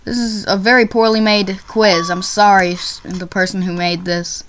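A young woman commenting on her own gameplay, excitable and quick to yelp and shriek when things go wrong. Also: mid-range voice, slight background noise. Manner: excitable, yelps and shrieks at failures. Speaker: gaming YouTuber.

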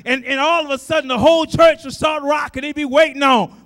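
A middle-aged man preaching a sermon in a church, building from talk to shouted cries and repeating phrases for emphasis. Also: extremely high pitch, normal speed.

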